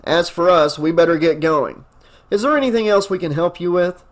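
A bumbling small-town sheriff's deputy with a loud, cheerful, folksy voice, as an audiobook narrator puts him on. He means well, but he sounds a bit too pleased with himself. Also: a little high, normal speed, pitched above the performer's own voice, natural voice. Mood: helpful. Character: goofy small-town male deputy, eager and dim.

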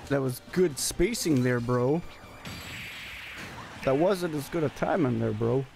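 A man with a raspy voice giving excitable, jokey live commentary as he plays, breaking into sudden yelps. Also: mid-range voice, slow pace. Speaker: streamer.

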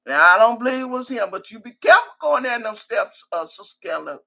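A woman's voice: fairly high pitch, big pitch swings, fairly quick, creaky, pushed and bright. A woman hosting a live stream in a casual, chatty way, laughing often and calling out viewers' names and comments. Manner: laughs a lot, chatty and teasing; calls out viewer names one after another. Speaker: livestream host.

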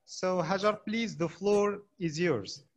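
A man's voice: high-pitched, slow pace. A man coordinating an online meeting, handing over to the speaker with brief, polite remarks over a video call.

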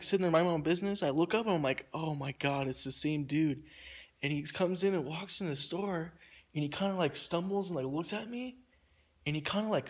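Young man rambling on a phone. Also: fairly high pitch. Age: young adult. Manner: rambling, heavy use of "like". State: shivering in the cold. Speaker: vlogger. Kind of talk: casual storytelling. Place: outdoors.

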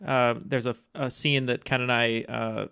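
A man in a casual podcast trivia game who answers with confidence and slips in dry jokes. His voice sits at an average pitch. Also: little pitch movement, measured pace, creaky, fairly bright tone, clear, resonant tone. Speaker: solo quiz contestant.

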